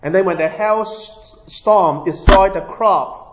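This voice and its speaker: A man's voice: sits high, takes it slowly, noisy background. Guy preaching a saint's story, lots of uhs and restarts, muffled lo-fi audio. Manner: retells a saint's life with many fillers and restarts. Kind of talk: sermon storytelling. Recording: dull lo-fi recording.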